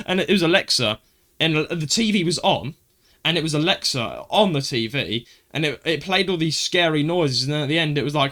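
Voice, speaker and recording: A man co-hosting a casual chat show, telling stories with lots of animation. His voice is bright and forward, and he keeps dropping "mate" as he talks. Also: a little high, fairly quick. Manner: animated storytelling, swearing, says "mate" a lot. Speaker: podcast co-host.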